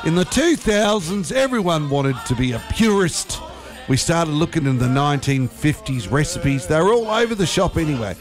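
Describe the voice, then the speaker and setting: A man's voice: a little high, very animated, moderate pace, over music. A man with an Australian accent co-hosting a radio show, chatting and joking in a rambling way. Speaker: radio co-host. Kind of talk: casual banter on air.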